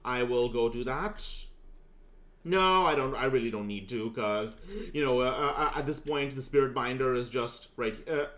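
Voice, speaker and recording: A man from California casually commenting on his gameplay, rambling and halting with many fillers and restarts. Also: mid-range voice, fairly bright tone. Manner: reads game dialogue in hammy theatrical voices. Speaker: gameplay streamer. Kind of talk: casual let's-play commentary.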